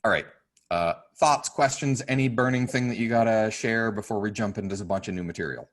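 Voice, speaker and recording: Man teaching a class, lowish voice. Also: brisk. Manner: conversational, uses many fillers and "right?"; acts out quoted voices, loud and soft. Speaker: course instructor.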